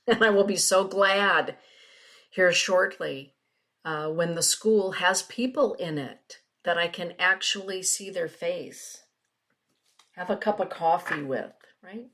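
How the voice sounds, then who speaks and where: Slow, low-voiced woman chatting on a webinar. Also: a bit bright. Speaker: spiritual teacher reading oracle cards. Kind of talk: casual webinar chat.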